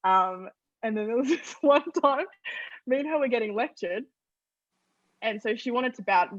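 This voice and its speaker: A young woman from Australia, a guest on an interview podcast, telling family stories in an animated way and laughing often. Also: fairly high pitch, normal speed, no room sound, highs cut off. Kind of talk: casual storytelling interview.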